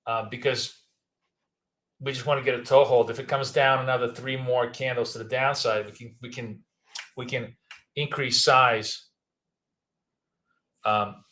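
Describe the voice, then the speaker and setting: Thinking aloud in a casual, rambling way, a man in his fifties or older talks through live trades as a trading educator. He is a native Russian speaker with a Russian accent, and his mid-range voice is a bit bright.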